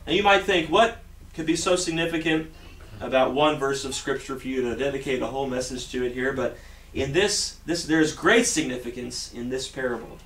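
Speaking fairly quickly in a medium, slightly bright voice, a pastor preaches earnestly in a church sanctuary. He repeats himself and starts phrases over, and the distant mic picks up plenty of room echo along with faint hiss.

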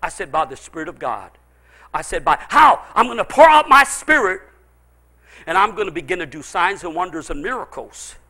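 High, bright-voiced preacher telling stories. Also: male voice, big pitch swings, normal speed. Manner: storytelling preacher, swings from loud exclaiming to low intensity. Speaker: pastor. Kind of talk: sermon.

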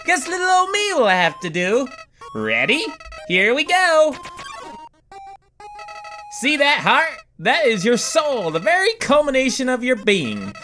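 A man's voice: very high voice, wildly swooping pitch, a little slow, pauses often, sharp tone, faint music behind, pitched above the performer's own voice, exaggerated voice. A man voicing a chipper, two-faced little male flower in a video game, with a folksy drawl that slides toward a Southern twang. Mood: chirpy. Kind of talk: let's-play character voice.

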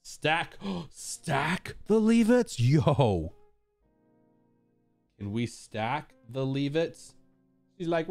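A man's voice: a little high, animated, drawn-out words, long pauses, a little mellow, faint music behind. A man casually chatting on his live stream while playfully coaxing his dogs through a treat trick, laughing often.

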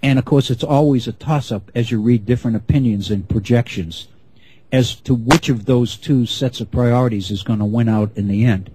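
A middle-aged man giving an unscripted history lecture, measured and often restarting his phrases. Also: medium pitch, dark tone, slight background noise, rough recording.

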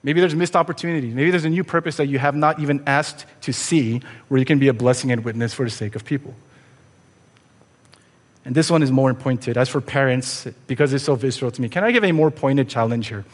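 In a church sanctuary, a pastor preaches a sermon in an earnest, conversational way, putting pointed rhetorical questions to his listeners. His mid-range voice moves briskly, and the recording carries long church reverb.

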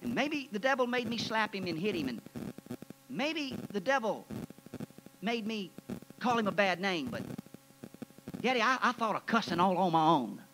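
A man's voice: sits high, very animated, normal speed, long pauses, background noise, voice pushed up. A male preacher voicing a cheeky little girl earnestly confessing to her daddy. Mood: pleading.

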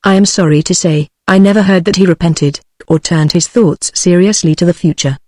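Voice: mid-range voice, brisk, dry recording. Text-to-speech audiobook narrator, dry. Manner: even synthetic text-to-speech reading. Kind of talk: scripted narration.

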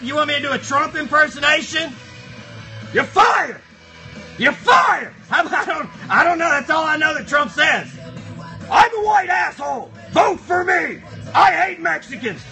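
A shrill, piercing cardboard box monster, hollering crude jokes at his live chat. Bright, strained squeals that climb very high, with faint music playing behind. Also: heavily acted. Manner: shouty, crude, rambling banter with chat. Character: rowdy foul-mouthed cardboard box monster. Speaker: live streamer. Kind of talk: live stream puppet character chat.

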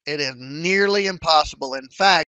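A man's voice: fairly high pitch, moderate pace, no echo, poor audio. A man explaining trading in a casual, conversational way, acting out his own worried and hopeful thoughts. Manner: conversational, animated, acts out inner thoughts. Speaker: trading educator.

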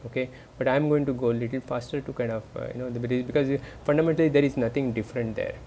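A man's voice: mid-range voice, fairly even intonation, fast talker, dark tone, slight background noise. A man giving a recorded university lecture, talking students through examples hesitantly, with many fillers and restarts. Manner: explanatory, addresses students directly.

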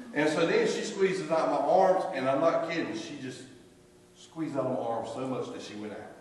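A man's voice: mid-range voice, expressive, a little fast. An older man preaching a sermon as pastor, folksy and full of repetitions and asides. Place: church sanctuary. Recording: echoey church hall from far off.

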